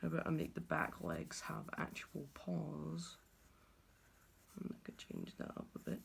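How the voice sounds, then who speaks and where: A woman's voice: low-pitched, wildly swooping pitch, unhurried, gravelly, slight background noise. A woman creator musing aloud as she draws, making clicking sounds with her voice while she thinks. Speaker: video creator.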